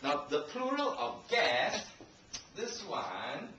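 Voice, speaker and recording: Speaking slowly, with huge swings in his slightly high voice, a Singaporean man gives a playful language evaluation at a club meeting, teasing and laughing often in Singaporean English. A handheld camcorder far away picks him up in an echoey meeting room, with a live audience and plenty of noise.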